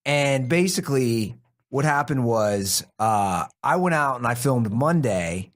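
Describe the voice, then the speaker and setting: A man, a podcast guest, telling stories in casual chat, animated and swearing. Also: medium pitch, measured pace.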